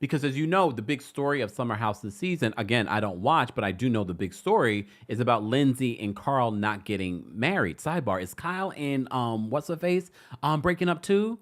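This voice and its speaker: A woman hosting a live-stream celebrity gossip recap, hoarse, chatty and laughing often, stopping and restarting her sentences. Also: a bass voice, fairly quick, hardly any pauses. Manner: animated, laughing, self-interrupting.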